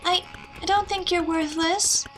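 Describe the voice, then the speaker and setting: A woman putting on a small, timid young girl in a video game, pitched very high and bright, asking one frightened question after another. She sounds hesitant and unsure. The voice is lively and clear. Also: unhurried, faint music behind. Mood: anxious.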